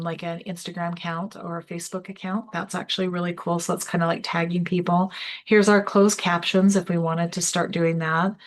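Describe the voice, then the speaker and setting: A woman instructor giving a live online tutorial, chatty and explaining step by step as she clicks through an app. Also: lowish voice. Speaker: small business workshop instructor.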